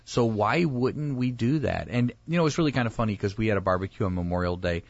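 A man's voice: fairly low pitch, quick pace, dry recording, highs cut off. A male pastor chatting casually, telling stories and acting out the people in them. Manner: animated storyteller, acts out quoted voices. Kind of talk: casual chat.

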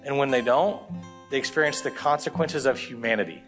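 A male pastor preaching a sermon, telling a story with lively acted-out dialogue and dropping low for emphasis. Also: brisk, soft background music. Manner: animated, acts out dialogue, drops low for emphasis.

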